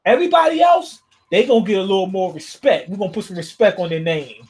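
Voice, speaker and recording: A man casually reviewing a comic chapter, slangy and thinking out loud with laughs. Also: high voice, quick pace. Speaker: manga reviewer.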